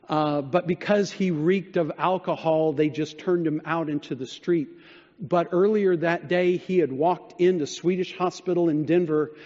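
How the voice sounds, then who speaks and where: A man preaching a sermon, telling a story and dropping low and quiet when he quotes others. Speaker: pastor. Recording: dull sound in a reverberant hall.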